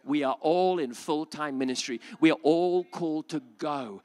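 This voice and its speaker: A man preaching a live sermon to a church audience. He moves between joking asides, quiet reasoning and loud, emphatic calls. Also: on the high side, moderate pace, hardly any pauses. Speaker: pastor.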